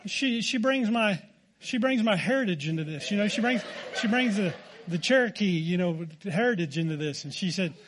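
A man's voice: sits high, animated, normal speed, background noise. A man with an American accent preaching a sermon, telling a folksy, self-deprecating story. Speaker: pastor.

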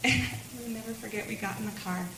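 A woman's voice: fairly high pitch, fast. Woman in her thirties, chatty church testimony, laughs a lot, echoey room with background noise. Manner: chatty, laughs often, many fillers. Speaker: speaker sharing her testimony. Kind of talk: personal testimony at a women's church gathering. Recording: roomy sound with background noise.

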